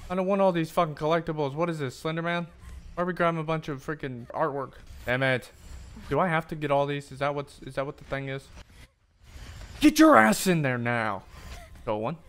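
A young man giving live gameplay commentary, loud, jokey and profane in his reactions. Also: a little high, sing-song, normal speed, smooth. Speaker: streamer.

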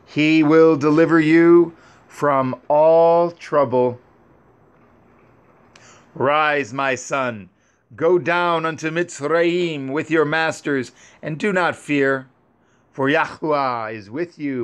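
A man's voice: on the high side, clean tone. A man reading aloud and voicing a dead mother who speaks tenderly and mournfully from beneath a grave. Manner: tender, mournful, slow and pleading.

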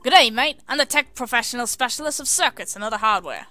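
A woman's voice: fairly high pitch, lively intonation, fast talker, bright, forceful tone, no room sound, faint music behind. A woman voicing a chatty male tech specialist from a video game, attempting an Australian accent in a cheery, eager way.

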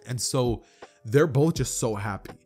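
A man's voice: mid-range voice, a little slow, darkish tone, faint music behind. A young man narrating a fan story in a rambling, casual way, full of "like" and "you know".

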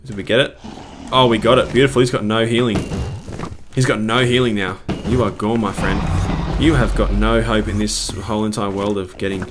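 Brief: male gamer, fairly low voice, live excitable commentary, faint background hiss. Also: brisk. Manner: excitable, swings between panic and cheering. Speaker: gaming video creator.

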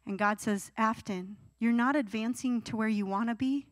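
A young woman preaching to a youth service with a voice a little higher than most. She talks in an animated way and breaks into whiny teenage voices to act out her points. The sound is dry and close, with no room echo. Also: normal speed. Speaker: youth pastor. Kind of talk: sermon.

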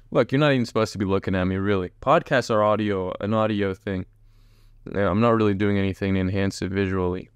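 A man with a fairly low, smooth and clear voice rambles through a casual solo podcast, hopping from tangent to tangent. He talks straight to his viewers as a chatty host. The sound is close and dry, with no room around it. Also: dry recording.

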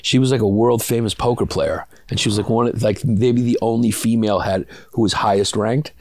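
A comedian from Brooklyn, New York, appears as a guest in a casual interview, telling rambling, profane stories and laughing through them. His voice is on the low side, fairly even in intonation, fairly quick and a little mellow. The recording is dry, with clean studio sound.

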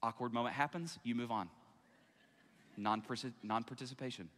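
A man's voice: mid-range voice, normal speed, fairly bright tone. A male pastor preaching a sermon in a casual, conversational way, acting out everyday dialogue. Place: church auditorium. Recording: long reverb of a large hall.

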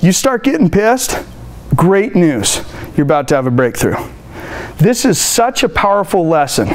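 A man giving a motivational customer service training talk to a live room, energetic and playful, acting out phone calls. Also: high-pitched, moderate pace, a little hiss or hum.

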